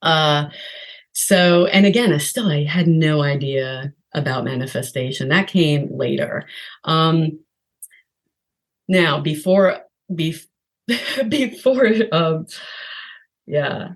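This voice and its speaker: A middle-aged woman from the United States telling her story as a podcast guest, chatty and animated, with frequent laughs and fillers. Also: sits low, takes it slowly, long pauses. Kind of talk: casual storytelling.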